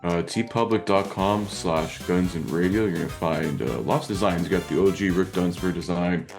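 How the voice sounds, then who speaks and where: A man's voice: low voice, moderate pace, creaky, over music. A man co-hosting a rock podcast in a laid-back casual way. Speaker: podcast co-host. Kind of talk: casual chat.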